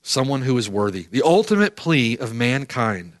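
Very animated and speaking at a normal pace in a mid-range voice, a middle-aged preacher drives his sermon home emphatically, repeating phrases for weight as his voice swings sharply up and down.

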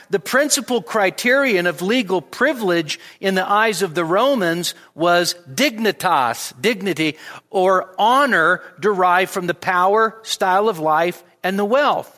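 A man's voice: sits high, pushed and bright, in a large hall. A male pastor giving an expository midweek sermon, teaching with emphasis and often restarting his words. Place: church hall.

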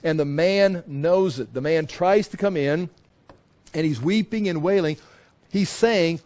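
This man's voice sits on the high side, a bit slow and a bit mellow. He teaches a Bible passage verse by verse in a conversational style, frequently restarting, repeating himself, and performing the quoted voices.

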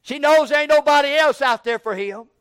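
A man preaching an evening sermon in a folksy way, repeating words and building up to shouted questions. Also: very high voice, a little fast, no room sound, studio quality.

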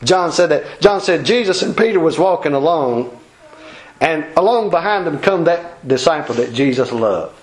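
Animated preacher man. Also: fairly high pitch, moderate pace, slight background noise, poor audio. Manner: folksy, animated, acts out quotes with laughter. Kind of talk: sermon.

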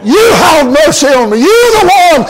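A male preacher delivers a fervent sermon in a strikingly high voice. He often shouts, breaks into short laughs, and scatters amens and hallelujahs between his lines. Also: sing-song, moderate pace, a faint crowd.

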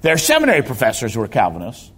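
A man's voice: mid-range voice, huge pitch swings, rapid-fire, fairly bright tone, slightly rough. A man preaching a sermon as a pastor, telling stories and hammering key words through repetition. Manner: emphatic storytelling preacher, repeats key words for stress.

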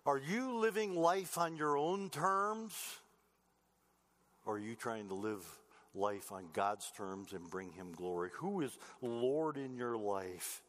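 A man preaching a sermon, building to raised emphasis and then dropping low and quiet. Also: slow pace. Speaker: pastor.

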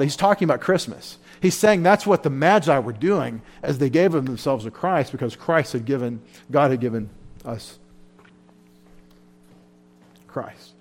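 Male pastor, sermon delivery, fervent and emotional, surges loud then drops low. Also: expressive, a little slow, long pauses. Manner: fervent, emotional preaching with sudden loud rises. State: tired. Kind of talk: sermon at a Bible study.

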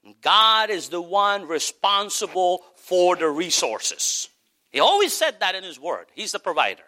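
Male pastor, sermon. Bright, tense tone, lively swooping delivery, emphatic with quiet asides. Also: high-pitched, unhurried. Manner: animated, emphatic preaching with sudden shouts and soft asides.

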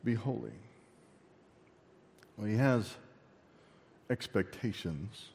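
A middle-aged man preaching a sermon as a pastor, talking conversationally with rhetorical questions to the congregation and swinging between loud emphatic bursts and quiet low asides. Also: lively intonation, takes it slowly, gravelly. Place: church sanctuary. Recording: long reverb of a church hall.

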